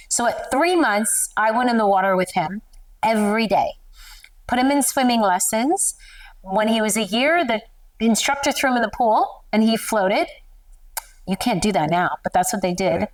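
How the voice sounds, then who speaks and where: A middle-aged woman, a photographer guest, telling personal stories in an animated, emotional way and laughing often. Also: on the high side, distant mic. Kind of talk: candid interview storytelling.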